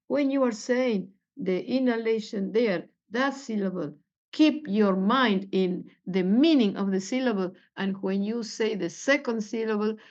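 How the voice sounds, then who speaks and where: A woman giving a meditation lesson, halting and searching for words with many fillers. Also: medium pitch, darkish tone. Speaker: spiritual teacher. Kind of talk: meditation teaching talk. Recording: dull lo-fi recording.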